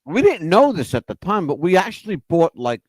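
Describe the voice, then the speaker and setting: A man hosting a show, chatting casually in an animated, teasing, playful way. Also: high-pitched, fairly quick, dry recording. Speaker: show host. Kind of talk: casual chat.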